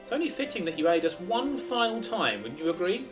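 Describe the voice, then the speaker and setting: A man's voice: high-pitched, big pitch swings, brisk, recorded from a distance, over music, voice pushed up. A man voicing a haughty middle-aged male lord in a fantasy game, condescending and bargaining.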